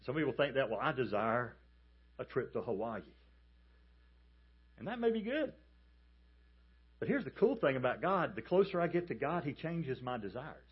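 Guy preaching a sermon, bit husky, kinda dull lo-fi audio. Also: medium pitch, brisk. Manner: emphatic, animated storytelling with calls for the congregation to repeat. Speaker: pastor.

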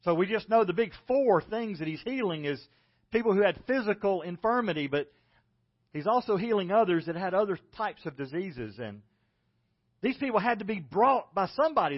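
A pastor from South Carolina with a Southern accent, preaching a sermon in a folksy storytelling way with self-deprecating humor. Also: male voice, sits high, husky, dull audio. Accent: Southern American. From South Carolina, United States.

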